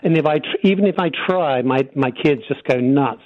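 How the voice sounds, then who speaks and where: A man's voice: a little high, a little fast. A man from England calling in to a radio show, talking politely with many hesitant ums. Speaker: caller. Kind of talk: phone-in call. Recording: muffled phone line.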